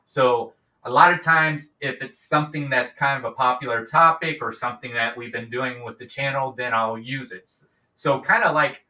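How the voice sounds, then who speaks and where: A man's voice: mid-range voice, normal speed, bright, forceful tone. A middle-aged man on a video call, chatting casually as an interview guest and rambling with many restarts. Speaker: guest, YouTube creator. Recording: roomy, distant from mic.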